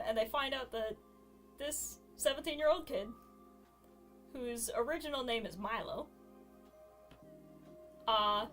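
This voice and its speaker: A woman with a fairly high voice casually retells a story while she plays a game, lively and giggly, often breaking into laughter. Faint music plays behind her. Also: a little slow, long pauses.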